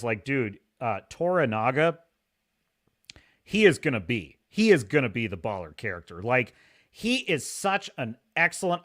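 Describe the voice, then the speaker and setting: A man hosting a podcast in casual, opinionated commentary, animated and laughing, acting out scenes in voices. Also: medium pitch. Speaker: podcast host.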